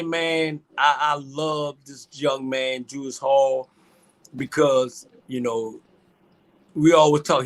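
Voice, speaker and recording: An older man hosting a show, crying as he gives a halting, emotional tribute and often repeats his words. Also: fairly high pitch, fairly bright tone. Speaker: show host.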